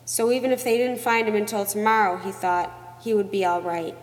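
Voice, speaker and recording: A woman reading a novel aloud as narrator, in a measured, expressive storytelling manner. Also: mid-range voice. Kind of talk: audiobook narration. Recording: long reverb.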